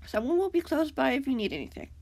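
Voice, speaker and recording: Brief: kind, reassuring young woman in a storybook, read by a woman, higher, lively pitch. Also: fast, gravelly, exaggerated voice. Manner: gentle and reassuring. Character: gentle, caring young woman.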